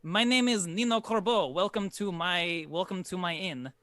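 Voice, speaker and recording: A man's voice: sits high, moderate pace, bright, forceful tone, dry recording. A man voicing a polite, formal woman who runs an inn. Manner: courteous, formal hospitality. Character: formal polite adult female innkeeper.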